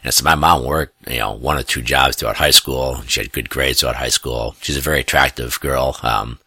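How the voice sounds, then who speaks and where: With a very deep, creaky voice that's bright, forceful and slightly rough, a middle-aged man from the US Midwest briskly tells a family story at fairly even intonation. It's casual personal storytelling, rambling and self-correcting with frequent chuckles, recorded at studio quality with no room sound.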